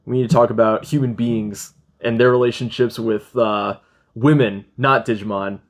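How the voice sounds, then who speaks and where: Casting: young male podcast host, lively storyteller, laughs and swears, mid pitch. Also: moderate pace. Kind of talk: casual chat.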